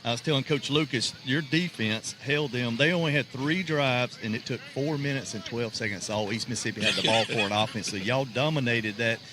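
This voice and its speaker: A man's voice: mid-range voice, brisk, few pauses, crowd noise. A man working as a sideline reporter, upbeat and conversational, interviewing a coach on an outdoor football field. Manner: upbeat, conversational, fills in stats.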